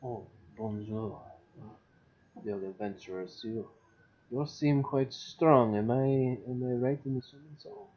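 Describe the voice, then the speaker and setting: A man's voice: medium pitch, measured pace, lo-fi sound, natural voice. A man putting on a courtly masked Frankish nobleman. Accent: put-on French. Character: fancy masked Frankish nobleman, smooth and ingratiating.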